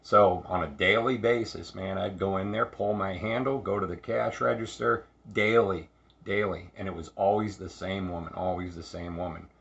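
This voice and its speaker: A man tells a personal story, halting and repeating himself as he reflects. His voice is low and gravelly with a bright edge. The recording sounds dull and lo-fi. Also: fairly even intonation. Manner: halting, repetitive, reflective with many restarts. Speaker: speaker sharing recovery story.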